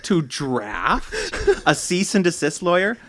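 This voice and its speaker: Bright-voiced, teasing young Canadian man. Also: fairly high pitch, big pitch swings, slow pace. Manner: teasing, sarcastic. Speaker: podcast co-host. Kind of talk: casual chat.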